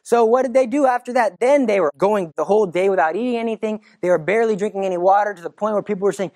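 A teacher retells a religious story to listeners in a lively, dramatic way, swinging between loud, emphatic bursts and hushed asides. The voice sits at a middle pitch and moves quickly with hardly any pauses, and there's no room sound.

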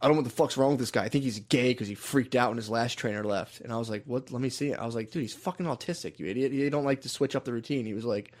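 A man rattles through stories at a quick clip, slipping into other people's voices as he retells them. His pitch sits in the middle and his swearing is casual. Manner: storytelling, acts out quotes, swears a lot. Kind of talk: casual chat.

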